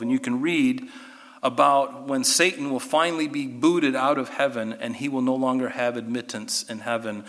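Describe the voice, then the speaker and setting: A man teaching a Bible study class, animated and given to sarcastic asides. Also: medium pitch, big-room sound.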